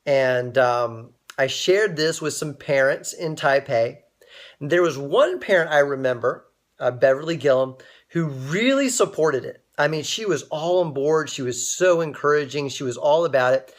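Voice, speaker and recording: A man's voice: a little high, expressive, moderate pace. A young man hosting a casual inspirational livestream, telling a personal story and greeting viewers by name as they join. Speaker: livestream host.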